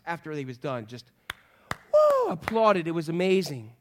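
A middle-aged man preaching a sermon as pastor, animated, swinging from loud calls to hushed, soft passages. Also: sits high, normal speed.

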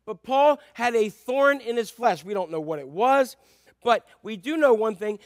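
A man preaching a conversational sermon, dropping to soft asides and rising to loud, emphatic passages. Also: high voice, very animated, a little slow, no room sound, studio quality. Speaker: pastor.

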